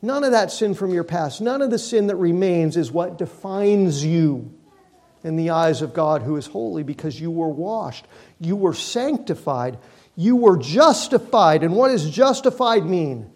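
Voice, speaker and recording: A pastor preaching a sermon, stressing key words with slow, emphatic repetition and rising force. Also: male voice, a little high, expressive, a little mellow.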